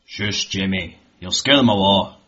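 A man doing a gruff old Scottish uncle. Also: a little slow, pushed and bright, heavily acted. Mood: stern. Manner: low gruff brogue. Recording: dull lo-fi recording.

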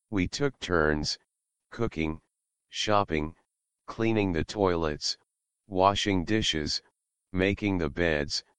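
A man with a very low voice reads dark little stories in a slow, deadpan way. His tone is smooth and resonant, and the recording is close and dry. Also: no room sound. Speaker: story contributor. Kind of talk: deadpan story reading.

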